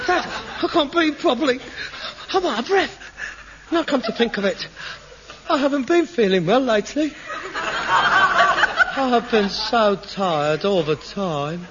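A melodramatic hypochondriac son. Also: male voice, extremely high pitch, dull audio, background noise, heavily acted. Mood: panicky. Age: young adult. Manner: theatrical, whining and self-dramatizing. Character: melodramatic hypochondriac grown son, touchy and vain. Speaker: grown son in a sitcom.

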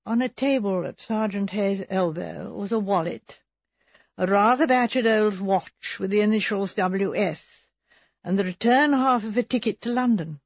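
Brief: woman audiobook narrator, measured and husky, dry, slightly dull sound. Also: medium pitch, no echo. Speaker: audiobook reader. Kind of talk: scripted narration.

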